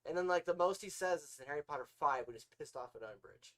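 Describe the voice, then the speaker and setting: A man co-hosting a podcast in casual, animated chat with quick asides and frequent laughter. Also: on the high side, a crowd in the background. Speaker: podcast co-host.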